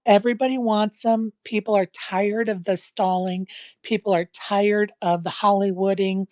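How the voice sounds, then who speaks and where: A woman's voice: medium pitch, fairly even intonation, normal speed, darkish tone, dry recording. A woman hosting a casual podcast chat, talking emphatically and repeating her points for stress, with a case of the hiccups. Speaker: podcast host.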